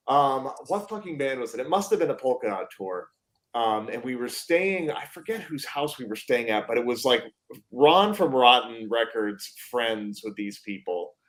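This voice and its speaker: A man in a band chatting on a live stream, mid-pitched and easygoing. He tells rowdy tour stories, laughs between lines and fills the gaps with "like" and "um". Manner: laughing storyteller, lots of fillers. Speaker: band member. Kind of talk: casual live-stream chat.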